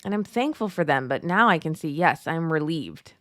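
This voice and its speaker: A woman in her thirties with a fairly low voice hosts a faith-based talk show and speaks in a relaxed, conversational way. She tells family stories with lively retellings. The sound is dry and close, with no room around her. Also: normal speed, no echo. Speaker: podcast host. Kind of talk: casual devotional talk.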